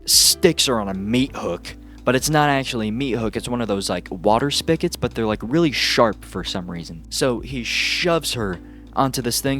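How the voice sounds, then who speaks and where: A man casually recapping a horror movie with sarcastic, excitable asides and lots of fillers. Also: lowish voice.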